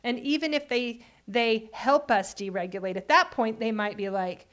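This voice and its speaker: Woman podcast co-host, slightly high voice, animated, explanatory. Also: moderate pace. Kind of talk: conversational relationship advice.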